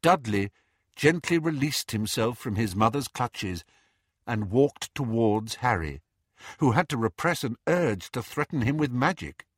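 A man narrating a storybook in a theatrical, highly expressive reading. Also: measured pace, dry recording, clean studio sound. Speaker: audiobook narrator.

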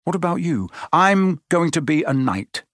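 A man's voice: on the high side, very animated, a little slow, fairly bright tone, dry recording, studio quality, voice pushed up. A man voicing a young boy wizard who takes charge of a chess game with bossy decisiveness. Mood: commanding. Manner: bossy, decisive under pressure.

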